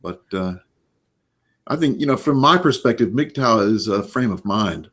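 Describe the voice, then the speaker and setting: A man's voice: lowish voice, animated, measured pace, a bit bright. A man in his sixties, a therapist guest in a casual interview, explaining his points emphatically with anecdotes.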